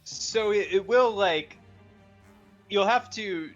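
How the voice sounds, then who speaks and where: A man narrating as game master of a tabletop game, relaxed and halting, with many fillers. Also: sits high, muffled recording, faint music behind.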